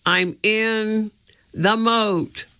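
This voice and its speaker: A woman's voice: medium pitch, steady tone, extremely slow, bright, forceful tone, clean tone, voice pushed up. A woman voicing a cautious, anxious young boy who calls out in short lines, in a slightly dull lo-fi recording. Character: cautious bespectacled boy, the older brother.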